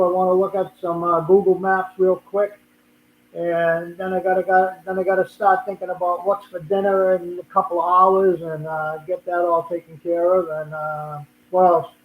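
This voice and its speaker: With a high-pitched voice that barely moves in pitch, an older Boston-accented man hosts a casual live stream at normal speed. He rambles, repeating and restarting words and sentences. The audio is tinny and phone-like in an echoey room, with a little hiss or hum.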